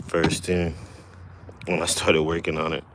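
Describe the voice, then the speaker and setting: Speaking a little slowly in an extremely low, monotone voice, a man hosts a casual livestream beside his kayak. He's a bit winded, wanders from point to point, revises what he says, and laughs frequently against faint background noise.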